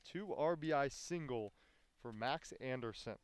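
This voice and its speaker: A man calling live baseball play-by-play, with his voice climbing sharply in pitch and volume on big plays. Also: expressive, measured pace, smooth, no room sound. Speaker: play-by-play announcer.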